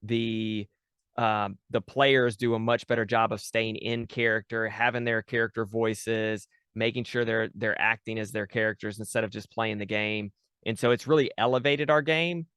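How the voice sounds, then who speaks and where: Chatty man with a smooth voice. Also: on the low side, steady tone, normal speed, a bit bright, no echo, studio quality. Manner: chatty, many fillers and restarts. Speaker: podcast dungeon master, guest. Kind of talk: casual interview chat.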